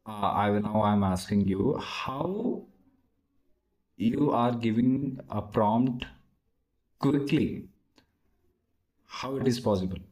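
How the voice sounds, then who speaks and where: Mellow-voiced man, halting and searching. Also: mid-range voice, animated, poor audio. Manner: halting, searching for words, many restarts. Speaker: English learner practicing speaking. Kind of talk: spoken practice conversation.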